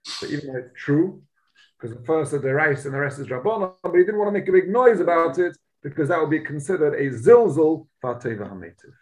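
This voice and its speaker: Guy giving a talmud class, kinda high voice, explains every line with punch. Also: big pitch swings, quick pace, a little mellow, rough recording. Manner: explains Aramaic text line by line in English, emphatic. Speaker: Talmud teacher. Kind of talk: Talmud lesson.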